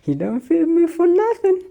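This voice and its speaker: A man voicing his cheeky female pet dog in a loud, high voice. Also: gravelly, exaggerated voice.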